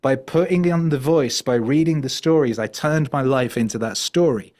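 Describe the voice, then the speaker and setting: A man's voice: mid-range voice, moderate pace. Rambling middle-aged male podcast guest. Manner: animated, rambling, many fillers and restarts. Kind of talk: storytelling conversation.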